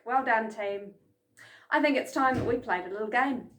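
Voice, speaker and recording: Lively high-voiced New woman, kids' instructor, echoey room. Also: unhurried. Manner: energetic, chanting and calling out game sounds. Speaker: children's program instructor. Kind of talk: lively kids' lesson from home.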